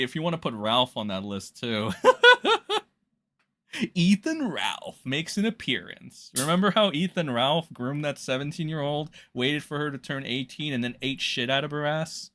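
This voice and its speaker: A man's voice: a little high, expressive, normal speed, sharp tone. A man doing casual livestream commentary, blunt and profane, rambling loosely as he reacts to chat. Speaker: streamer reacting to drama.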